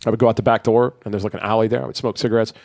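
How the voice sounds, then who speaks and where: A man's voice: lowish voice, little pitch movement, rapid-fire, creaky, a little mellow, dry recording, clean studio sound. A man co-hosting a podcast in casual chat, telling rambling stories and swearing freely. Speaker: podcast co-host.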